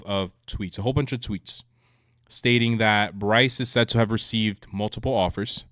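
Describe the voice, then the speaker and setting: A man's voice: fairly low pitch, fairly bright tone, clean tone, no echo, clean studio sound. A man co-hosting a podcast in a casual sports chat, brash and teasing, often talking over his co-host.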